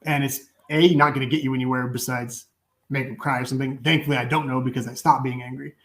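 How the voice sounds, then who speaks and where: A man's voice: mid-range voice, fairly even intonation, fast, a bit bright. Man talking reflectively as a guest. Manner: reflective, loose phrasing with fillers. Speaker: podcast guest. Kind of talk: casual conversation.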